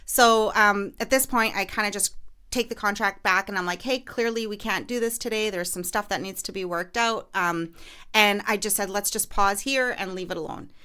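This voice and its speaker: A woman's voice: medium pitch, normal speed, pushed and bright, clear, resonant tone. Give me a woman podcast host casually telling a client story, rambling with fillers. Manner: chatty, lots of fillers and restarts.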